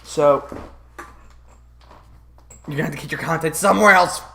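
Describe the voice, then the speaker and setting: A man's voice: on the high side, moderate pace, gravelly, background noise. A man reviewing a movie in a profane, exasperated comedic rant while drinking whiskey. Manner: swears constantly, loud and exasperated.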